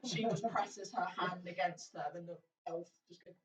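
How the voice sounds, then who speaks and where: A woman's voice: on the low side, steady tone, normal speed. Woman running a tabletop game, echoey. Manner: chatty, laughing, swears in quoted lines. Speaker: dungeon master. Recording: roomy, distant, dull lo-fi mic.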